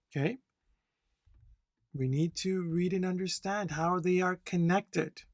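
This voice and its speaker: A language instructor teaching test-takers, talking slowly and clearly and often checking in with "okay?". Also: mid-range voice, no room sound, studio quality. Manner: slow, deliberate, repeats "okay?" to check learners. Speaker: CELPIP instructor. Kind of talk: slow, clear teaching to learners.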